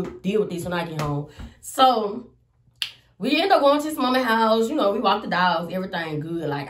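A young adult woman, a comedian, telling a personal story in a casual vlog. She is animated and profane and swings between loud outbursts and low asides. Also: far from the mic. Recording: echoey room, voice off from the mic.

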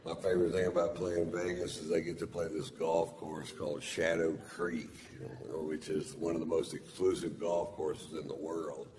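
A man performing a profane stand-up comedy routine, telling a drawling story and punching lines loudly. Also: a bass voice, level tone, normal speed, hardly any pauses, crowd noise. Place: large theater stage. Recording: large theater with long reverb and audience noise.

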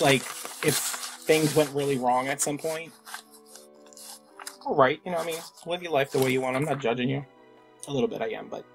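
A man vlogging at home while wrapping presents, telling a story in an animated, rambling, gossipy way. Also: a little high, rough recording. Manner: animated, gossipy, self-interrupting.

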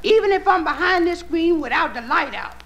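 Man doing a shrill sassy falsetto lady. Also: lively intonation, fairly quick, a bit bright, highs cut off, full character voice. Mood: indignant. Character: shrill fussy woman, high falsetto. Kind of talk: stand-up comedy storytelling. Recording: hissy live album, roaring audience.

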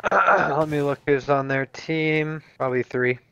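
A man's voice: a little high, slow pace, gravelly, sharp tone, a little hiss or hum. A man chatting with friends while gaming, making dry offhand remarks. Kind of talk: casual gaming chat with friends.

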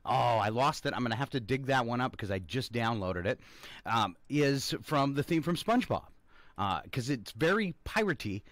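A man's voice: mid-range voice, animated, normal speed, fairly bright tone, no room sound. A man hosting a morning radio show, rambling with lots of fillers and now and then slipping into a growled pirate voice. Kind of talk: casual radio talk. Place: radio studio. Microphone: studio microphone.

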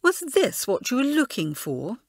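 A woman's voice: high voice, huge pitch swings, measured pace, vocal fry, no echo, clean studio sound, pitched above the performer's own voice, exaggerated voice. Woman voicing a sly, smug schoolgirl.

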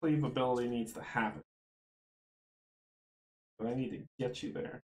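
A man's voice: mid-range voice, fairly even intonation, normal speed, a little mellow, echoey room, poor audio. A man playing a tabletop board game solo, thinking aloud, counting out moves and chuckling often.

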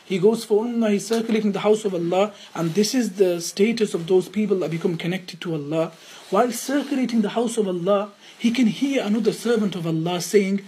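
A man giving a religious lesson, earnest and storytelling, often repeating his phrases for emphasis and dropping to hushed tones for quotes. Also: high voice, brisk, slight background noise, low-quality recording. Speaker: Islamic teacher.

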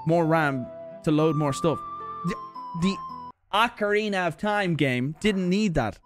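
Speaking at a measured pace in a voice on the high side, an Irish man responds to viewer opinions on his gaming channel. Faint music runs under his exasperated, profanity-laced and animated rant.

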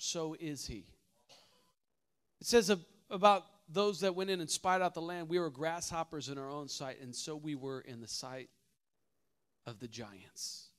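A man preaching a sermon at a church conference, telling a personal story and moving from hushed asides to loud shouts. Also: a little high.

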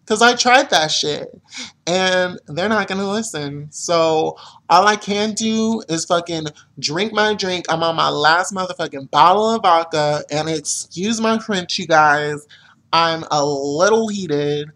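A man's voice: a little high, a little slow, bright, forceful tone. A young man venting to camera in an exasperated, profane rant, complaining as a vlogger. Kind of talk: ranting to camera.

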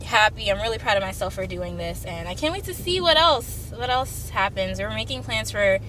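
A woman's voice: mid-range voice, lively intonation, normal speed, a bit bright, slight background noise. A young woman vlogging casually to her camera from her parked car, chatty and heartfelt with many ums and likes. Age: young adult. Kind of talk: casual vlog talk to camera. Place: parked car in a parking deck.

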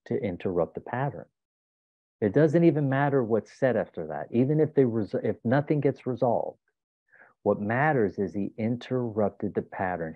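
A man speaking emphatically in a lowish voice, giving a motivational self-help talk full of stories. The audio is tinny and phone-like, with no room echo. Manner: emphatic, storytelling with acted-out quotes. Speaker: guest. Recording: tinny phone-like dry sound.

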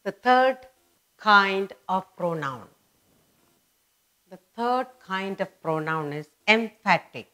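Slow, repetitive woman grammar teacher. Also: mid-range voice, lively intonation, sharp tone. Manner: repeats words and phrases slowly for emphasis.

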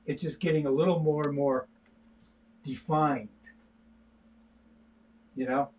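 Sketching on a livestream, this older man talks slowly in a slightly high voice with fairly even intonation. His casual chatter comes out in fits and starts, with words often repeated.

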